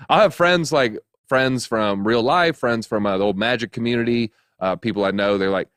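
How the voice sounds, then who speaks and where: A man's voice: medium pitch, lively intonation, a little fast, hardly any pauses, a bit bright, dry recording. A man hosts a crypto news show in a loose, joking, rambling way, full of fillers and asides. His voice sits mid-range and sounds dry and close to the mic, with no room around it. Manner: chatty, jokey, rambling with many fillers. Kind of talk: casual chat.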